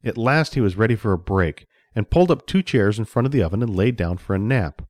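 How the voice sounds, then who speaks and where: A man reading a children's story aloud with expressive storytelling. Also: on the low side, a little fast, no room sound, clean studio sound. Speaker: narrator.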